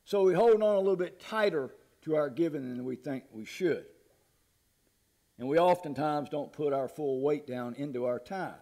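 A man preaching with a folksy, storytelling manner, moving easily from joke to scripture. His speaking voice sits a little high for a man. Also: normal speed, dark tone. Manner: folksy, laughs at his own jokes. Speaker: pastor. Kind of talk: sermon with a humorous story.

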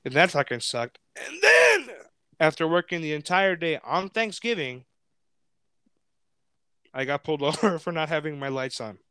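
A man in his twenties hosts a podcast and tells stories in a loose, rambling way, swearing freely. His voice is a little high and very smooth and clear. The recording is dry and close. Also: huge pitch swings, moderate pace, long pauses, sharp tone, no room sound. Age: 20s. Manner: rambling, swears often, many fillers. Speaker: podcast host. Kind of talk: casual storytelling chat.

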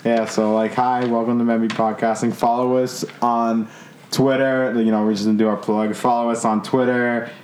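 A man's voice: mid-range voice, flat delivery, moderate pace, a little mellow, echoey room, slight background noise. A young man co-hosting a podcast in casual chat, laid-back and full of fillers and swearing. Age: young adult. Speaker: podcast co-host.

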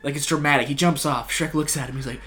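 A young man hosting a casual chat, profane and excitable, who tells stories in an animated way. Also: fairly high pitch, fast talker.

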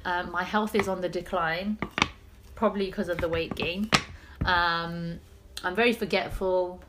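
A woman's voice: lowish voice, steady tone, unhurried, very noisy. A woman, co-hosting a casual podcast chat and telling stories with a lot of laughing. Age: late 20s. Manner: chatty, laughing storyteller. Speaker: podcast co-host.

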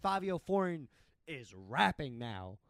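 A podcast host talking in loose, excitable chat, peppered with swearing. His voice sits fairly high for a man. The recording is dry and close, with no room sound. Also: slow, no room sound. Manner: animated, profane, excitable. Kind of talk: casual chat.

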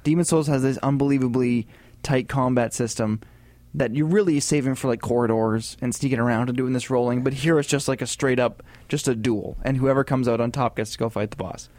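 A man co-hosting a casual gaming podcast, talking in a chatty, rambling way with animated asides. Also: medium pitch, a little fast, no echo. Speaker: podcast co-host.

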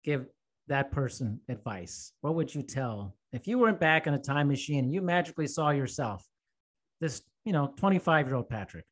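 A man's voice: medium pitch, animated, moderate pace. A man hosting a podcast, asking questions in an encouraging, affirming way. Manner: encouraging, affirming, laughs easily. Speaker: podcast host. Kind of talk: casual interview chat.

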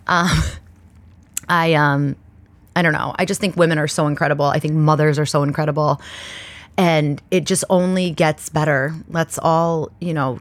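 A woman's voice: low voice, no room sound. A woman hosting her own show, chatting casually and rambling with lots of fillers and laughs. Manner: laughs often mid-sentence. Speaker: podcast host. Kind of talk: casual solo chat. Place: indoor studio under lights.

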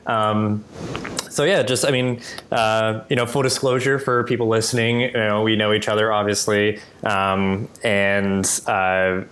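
Rambling podcast host, lower voice. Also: male voice, little pitch movement, measured pace, fairly bright tone, a little hiss or hum. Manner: rambling, lots of fillers. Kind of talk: casual podcast chat. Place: his office.

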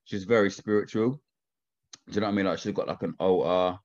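A man with a low, darkish voice speaks briskly but in a steady tone over a lo-fi recording. His talk is casual and chatty, peppered with swearing and his habit of asking "do you know what I mean."

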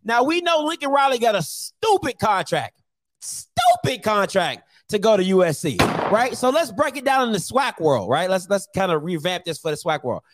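A man hosting opinionated sports commentary, blunt, joking and repetitive in an animated way. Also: sits high, normal speed, background noise.

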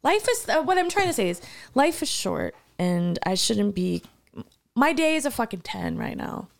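Brief: woman, fairly high voice with gravelly fry, animated storyteller in loose talk. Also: normal speed. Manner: animated, swears often, acts out voices in stories. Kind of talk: casual chat.

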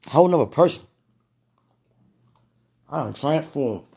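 Woman vlogger, gravelly and gushing, breaking into giggles and sudden exclamations while she talks to the camera and prays aloud. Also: deep voice, lively intonation, unhurried, warm tone. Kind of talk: casual talk to camera and prayer.

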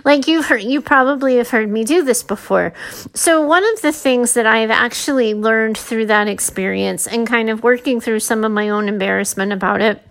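A woman hosts her own podcast and talks straight to her listeners. Her voice sits a little high, and her tone is candid and chatty, loose with fillers and restarts. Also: normal speed. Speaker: podcast host. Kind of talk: casual advice talk.

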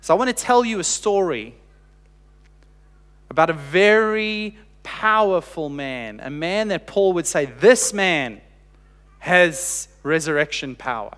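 A man preaching a sermon, telling a story earnestly with slow, emphatic pauses and dropping quiet for quoted lines. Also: fairly high pitch, expressive. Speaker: pastor. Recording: long reverb of a large hall.

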